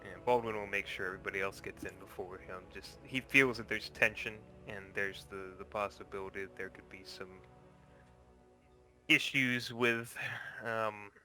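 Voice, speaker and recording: A man's voice: on the low side, fairly even intonation, moderate pace, pushed and bright, soft background music, low-quality recording. A man playing a tabletop game, explaining his character's actions as he thinks aloud. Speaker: player.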